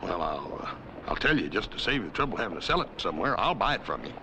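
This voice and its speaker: An actor playing a good-natured older rancher brother who talks in a hesitant, stammering, bluff way. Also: male voice, deep voice, very animated, quick pace, background noise.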